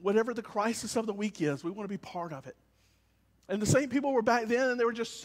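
High-voiced man preaching. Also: quick pace, in a large hall. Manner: animated, swings between shouting and quiet. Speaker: pastor. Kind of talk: sermon. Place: church service, with cars passing by.

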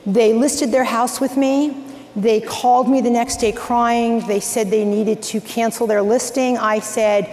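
A woman giving an energetic, direct coaching talk to a live audience from a stage, telling anecdotes. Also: a little high, unhurried. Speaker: real estate coach speaker. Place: large hall on stage. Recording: echoey hall, faint background noise.

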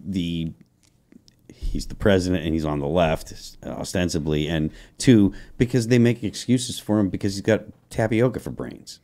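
A very deep-voiced man with a dark, mellow tone, co-hosting a casual podcast panel. He is dryly sarcastic and often restarts his sentences. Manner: hesitant restarts, dry sarcasm. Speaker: podcast co-host.

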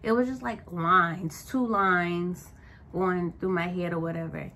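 Slow-talking bright-voiced woman vlogger. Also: fairly low pitch, steady tone, slight background noise. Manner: rambling, chatty, with many likes and self-corrections. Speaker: vlogger telling a story. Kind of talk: casual storytime.

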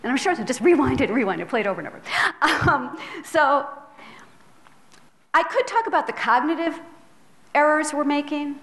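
A middle-aged woman speaks to a filmed audience in a lecture hall, her voice sitting somewhat high. She is earnest and conversational, often tossing in a quick "right?" to keep the listeners with her. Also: animated. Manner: earnest, conversational, with tag questions. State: tearful at times. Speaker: public health professor giving a talk. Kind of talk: public lecture.

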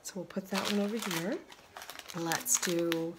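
A woman vlogging casually to her phone by a bright window at home, chatting and gushing over yarn with breathy exclamations. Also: fairly low pitch, steady tone, a little slow, very noisy. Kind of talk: casual chat to camera. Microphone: phone camera.

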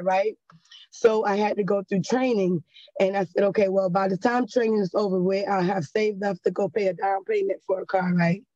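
A woman's voice: mid-range voice, dark tone, no echo, muffled recording. A woman giving a personal testimony in a church class, earnest and conversational, often checking in with her listeners.

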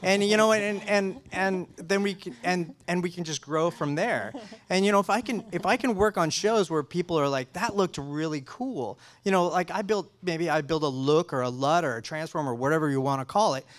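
A man's voice: fairly high pitch, fairly quick. A man speaking as a color scientist guest in a casual technical interview, enthusiastic and full of restarts and fillers.

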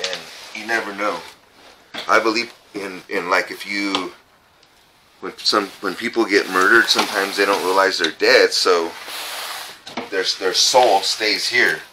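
Middle-aged guy poking around an old trailer, kinda low voice, stumbles and repeats himself, faint hiss behind. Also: steady tone. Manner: halting, folksy, repeats words. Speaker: paranormal vlogger. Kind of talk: casual ghost-hunting vlog. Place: old abandoned trailer, indoors.

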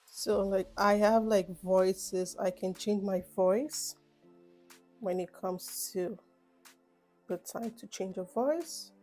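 A woman's voice: mid-range voice, takes it slowly, soft background music. A young woman from Nigeria with a Nigerian accent, chatting casually in a rambling get-to-know-me vlog. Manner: chatty, rambling, animated asides. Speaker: vlogger.

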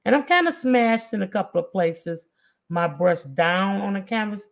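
A woman's voice: on the low side, vocal fry. A woman hosting an art stream, chatting casually with viewers as she paints. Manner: chatty, drawling, talks to viewers while painting.

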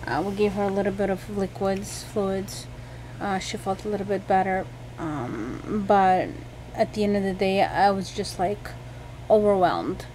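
A woman's voice: mid-range voice, measured pace, a little mellow, a little hiss or hum, rough recording. A tired woman talking casually to her viewers at home about her sick baby, rambling and chatty. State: tired, unwell. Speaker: vlogger mother. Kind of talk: casual home vlog chat. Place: home at night.

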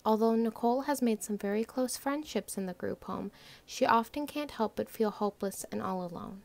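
Calm, patient young woman. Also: on the high side, normal speed, creaky. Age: young adult. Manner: calm, gentle, patient questioning. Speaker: narrator and group home worker. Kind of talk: student role-play scene.

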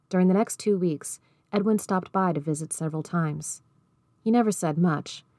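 Woman audiobook reader, even and measured; mellow, dry sound. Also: lowish voice, no echo. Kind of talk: reading a novel aloud.

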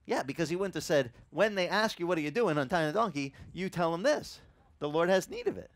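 Slightly high and slightly fast, the voice belongs to a pastor with a Hawaiian accent, recorded without room sound. He animates his sermon by acting out voices and bantering with the congregation in asides.

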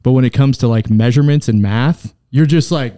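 A man's voice: mid-range voice, fairly quick, dark tone. A man co-hosting a podcast in casual, joking banter, laughing often along with his guest. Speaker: podcast co-host. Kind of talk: casual chat.

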